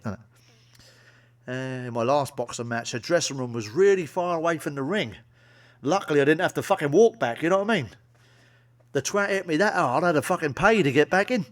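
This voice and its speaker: A man from England telling crude, sweary jokes to camera as a stand-up comedian. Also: a little high. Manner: blunt and sweary, with a chuckling aside. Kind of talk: crude joke-telling monologue. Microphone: solo to camera, wearing a mask.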